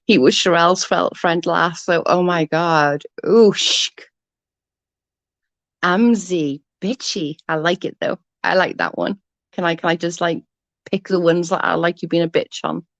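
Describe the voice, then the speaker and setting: On a dry recording from a close computer mic, a woman with a lowish, steady voice talks at an unhurried pace. She hosts a livestream while congested from hay fever, reading viewers' comments, chatting casually, swearing freely and giggling.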